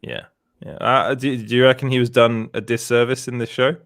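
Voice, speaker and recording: A man's voice: medium pitch, steady tone, brisk, creaky, a bit bright, no echo, clean studio sound. Giggly man reading chat on stream. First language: French. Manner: laughs often, restarts, reads chat aloud. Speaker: podcast co-host. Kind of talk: casual live-stream chat.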